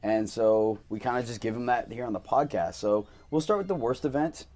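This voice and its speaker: Young male podcast host, casual storyteller, animated, plays out the quotes, mid-range voice. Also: medium pitch, fairly quick.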